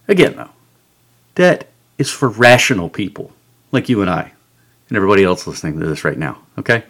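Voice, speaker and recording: A man's voice: mid-range voice, a bit bright. A man hosting a podcast, delivering an angry, sarcastic rant full of swearing. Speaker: podcast host. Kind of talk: profane comedic rant. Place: home studio.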